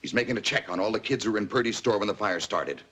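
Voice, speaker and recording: A hard-pressed, middle-aged widowed father in a 1950s TV drama. His voice sits low and husky, and he talks in a stern, scolding, demanding way. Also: animated, fast talker, fairly bright tone. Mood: angry. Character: stern widowed working father, harsh and fed up.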